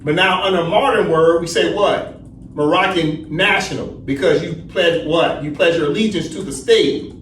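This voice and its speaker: A man's voice: fairly high pitch, normal speed, a bit bright. A man teaching a study session, asking the class questions and answering them himself, checking in with "right?" again and again. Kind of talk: lecturing class. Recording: roomy echo, distant mic, faint noise.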